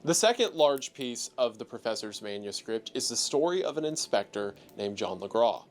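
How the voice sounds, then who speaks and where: A young man narrating a horror story in a relaxed, conversational video-essay style with light jokes. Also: medium pitch, normal speed, slight background noise. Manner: relaxed, conversational, slightly joking.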